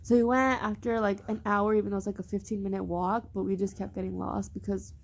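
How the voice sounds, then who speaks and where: A woman's voice: mid-range voice, fast, vocal fry. A young woman vlogging, telling a travel story in a casual, chatty way, saying "like" a lot and acting out what others said. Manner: chatty, says "like" a lot, quotes others in a lively way.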